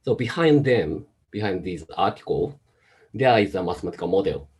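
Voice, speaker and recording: A man with an accent mixing Chinese, Japanese and American, giving a measured talk over a video call. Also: low-pitched, animated, a little mellow, slightly rough, rough recording. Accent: mix of Chinese, Japanese and American. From Hong Kong. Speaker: invited speaker, pediatrician and virus researcher. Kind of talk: online presentation talk.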